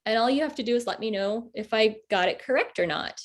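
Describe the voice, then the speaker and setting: A woman in her forties, telling a personal story with halting, heartfelt pauses and fillers as a workshop presenter on a video call. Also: a little high, animated. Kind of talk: storytelling talk to an online group.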